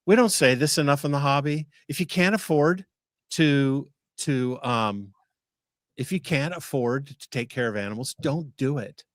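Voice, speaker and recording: Calm guy cohosting a stream, lots of ums, mid voice, dry sound. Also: medium pitch, no echo. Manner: measured, halting with fillers. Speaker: livestream co-host. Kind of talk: casual chat.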